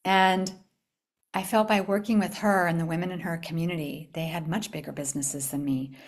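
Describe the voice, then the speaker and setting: A middle-aged woman from the United States hosting a live spiritual retreat talk, telling a story with upbeat invitations and soft, hushed stretches. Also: fairly low pitch, fairly even intonation, a little fast. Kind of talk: live online talk to a group.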